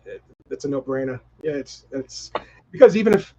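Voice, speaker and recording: With an animated, warm, medium-pitched voice, a Boston man co-hosts a relaxed live-stream chat at moderate speed. He's enthusiastic and rambly, restarting sentences often. The audio comes via video call and sounds dull and lo-fi.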